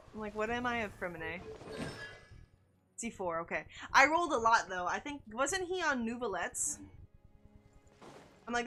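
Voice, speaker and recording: A young woman streaming a video game, chatting excitedly with her viewers and reacting to their messages. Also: on the high side. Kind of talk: casual gaming stream chat.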